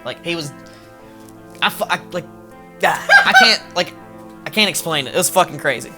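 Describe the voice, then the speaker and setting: A man hosting a casual wrestling recap, profane and animated, laughing often and mimicking wrestlers in quick bursts. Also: high-pitched, over loud music. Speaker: wrestling review host.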